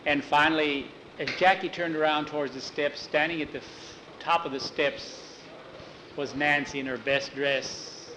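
A man's voice: a little high, steady tone, measured pace. Homespun male storyteller, faint hiss. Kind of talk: told western story with voices.

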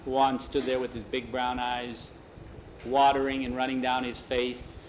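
A man telling a story from memory in a plain, unhurried way, tagging each line with "he says" and now and then restarting a phrase. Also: medium pitch, flat delivery, lo-fi sound, a little hiss or hum. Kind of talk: oral storytelling, told from memory.

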